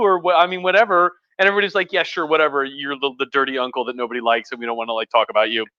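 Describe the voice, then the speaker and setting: A tipsy man with a bright, forceful voice, a touch higher than most, rambles through history in a loose, profane way. The sound is dry and a little dull. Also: very fast, few pauses, no room sound. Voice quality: profane, rambling, lots of fillers. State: tipsy from wine. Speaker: history professor hosting a drunk livestream. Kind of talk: casual rambling history talk.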